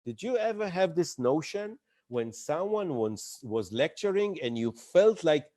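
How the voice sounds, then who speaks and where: A man running a presentation training session, animated and acting out the audience's reactions as he teaches. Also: on the high side, a little slow, few pauses. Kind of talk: live online training talk.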